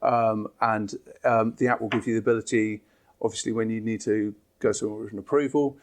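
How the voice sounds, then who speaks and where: A man, an app developer, calmly explaining new features in an interview. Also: fairly low pitch, fairly quick. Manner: steady, explanatory, with fillers.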